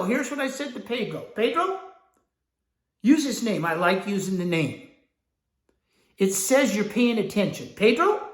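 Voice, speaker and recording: A man teaching a sales class, blunt and profane, acting out his pitch dialogue. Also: a bit bright, reverberant. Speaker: sales trainer.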